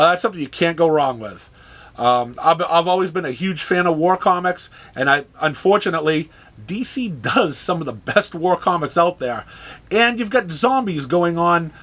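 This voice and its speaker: A man casually running through a comic shop's weekly new releases, listing titles with dry, sarcastic asides and halting restarts. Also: high voice, a bit bright.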